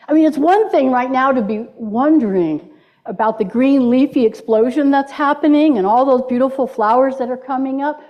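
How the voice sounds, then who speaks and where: A middle-aged woman minister preaches in a church at an unhurried pace, her voice fairly high and full of swooping pitch. She is playful and draws the congregation into call-and-response. The recording sounds dull and lo-fi. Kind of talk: sermon with audience participation. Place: church sanctuary.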